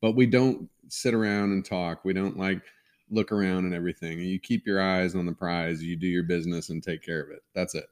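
Middle-aged guy, low deep voice, laid back telling stories on a podcast. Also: steady tone, brisk. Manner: easygoing, laughing storyteller. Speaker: podcast co-host. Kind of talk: casual chat.

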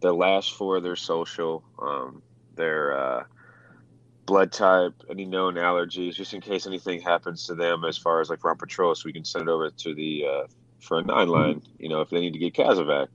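A man's voice: low voice, moderate pace, lo-fi sound. A young man, a former Marine, telling stories in casual, profane talk and acting out the voices of others. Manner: animated, acts out quotes with swearing. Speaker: veteran guest telling war stories.

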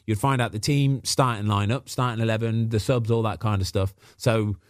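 A man's voice: on the low side, steady tone, moderate pace, dry recording, clean studio sound. A man in casual podcast chat, telling stories about football and acting out what people said. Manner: chatty storyteller, acts out quotes. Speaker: former footballer guest.

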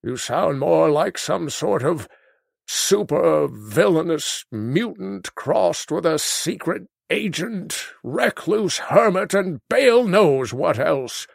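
An actor playing a cranky, indignant elderly male sage in a comedic call-in sketch, with a gravelly, drawn-out storyteller delivery. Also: a little high, expressive, no echo, studio quality, full character voice.

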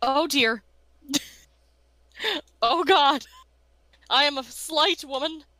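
A woman playing in a tabletop horror game, reacting excitably as she speaks for her character. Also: sits high, drawn-out words, dry recording. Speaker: player. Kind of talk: casual tabletop play.

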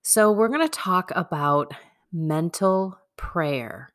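A woman's voice: fairly low pitch, expressive, takes it slowly. A woman hosting a podcast with a stuffy nose and a phlegmy voice, chatting in a rambling, self-deprecating way about prayer practice. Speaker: podcast host. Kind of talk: casual spiritual talk. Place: home room.

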